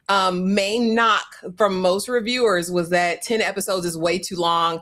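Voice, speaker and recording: A woman hosting a live panel discussion, talking in a relaxed, chatty way and putting questions to her panelists. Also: mid-range voice, normal speed, hardly any pauses. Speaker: host.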